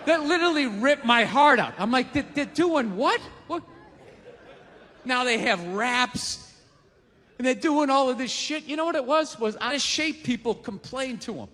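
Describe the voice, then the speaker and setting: On a large theater stage, a comedian in his forties delivers an exasperated, profane stand-up rant while the crowd laughs. His voice is extremely high, bright and pushed, expressive, at a moderate pace. The live recording carries a long reverb.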